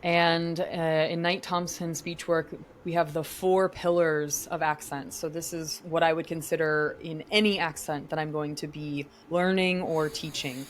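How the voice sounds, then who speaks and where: A woman with a lowish voice lays out her ideas the way a vocal coach teaches, clear and articulate. She is answering a podcast interviewer. A faint hiss sits under the recording. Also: flat delivery, unhurried, few pauses. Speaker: actor and vocal coach, guest.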